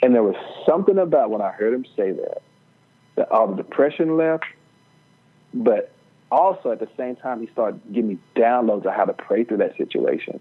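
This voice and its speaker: A middle-aged man telling a personal faith story as a podcast guest, earnest and halting, with many fillers and restarts. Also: medium pitch, animated, husky. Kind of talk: storytelling testimony. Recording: tinny phone-like line.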